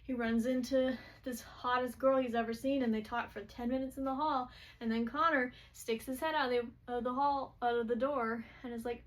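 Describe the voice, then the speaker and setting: Woman host, casual recap, chatty with quick asides, slightly higher voice. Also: level tone. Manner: chatty, quick quoted asides, filler-heavy.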